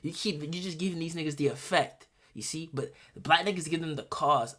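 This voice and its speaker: Young male streamer, bright tone, swears often, rambles through restarts. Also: fairly high pitch, fairly quick, hardly any pauses. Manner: blunt, profane, rambling with restarts. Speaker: streamer reacting to a video. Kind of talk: casual reaction commentary.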